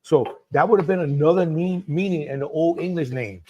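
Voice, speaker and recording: A man's voice: on the high side, a little fast, darkish tone, highs cut off. A man with a Cajun accent hosting a live cooking show, chatty, repeating phrases and addressing viewers by name. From Louisiana.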